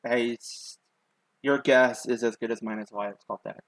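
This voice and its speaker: This is a young man sketching on a live stream, rambling through casual talk with his audience and leaning heavily on ums and likes. His medium-pitched voice moves at a moderate pace with fairly even intonation, captured in a dry recording.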